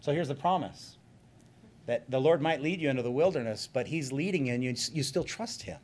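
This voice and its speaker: A man preaching a sermon in a conversational way, with joking asides and sudden shifts from soft remarks to emphatic bursts. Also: medium pitch, brisk. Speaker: pastor.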